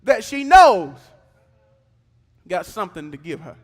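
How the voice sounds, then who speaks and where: A man with a Southern US accent preaching a sermon, swinging between hushed asides and shouted calls to the congregation. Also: sits high, big pitch swings, unhurried. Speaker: pastor. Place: church sanctuary. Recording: church hall reverb.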